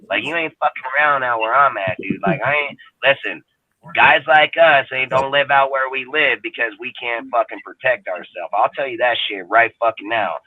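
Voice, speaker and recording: A man's voice: medium pitch, no echo. Profane heated man over a thin line. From United States. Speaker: podcast co-host. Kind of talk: ranting casual talk show. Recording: dry, phone-like band-limited audio.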